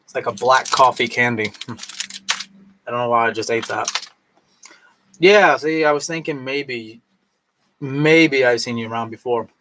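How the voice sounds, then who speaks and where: A man's voice: mid-range voice, measured pace, pauses often, a bit bright, slight background noise. A man chatting casually on a live stream while drinking, rambling and tipsy, with lots of fillers and restarts.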